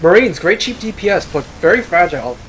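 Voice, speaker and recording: A man's voice: sits high, very animated, brisk, a little hiss or hum. A young man giving casual, self-deprecating solo commentary on a strategy game replay. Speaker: game caster.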